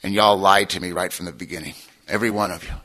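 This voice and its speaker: A man sharing his life story at a recovery meeting, a streetwise, slangy storyteller with rough, self-mocking humor. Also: low voice, fairly even intonation, fast, pushed and bright. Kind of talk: personal testimony to an audience.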